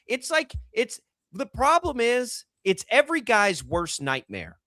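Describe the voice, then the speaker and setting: A man's voice: extremely high pitch, wildly swooping pitch, a little slow, bright, forceful tone, dry recording, studio quality. A middle-aged man hosting a sports radio show, ranting incredulously in casual banter.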